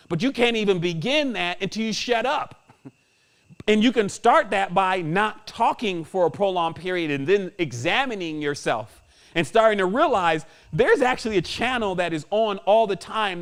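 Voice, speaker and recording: A man hosting a spiritual podcast, talking in a slangy, emphatic way and chuckling often. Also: sits high. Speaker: podcast host.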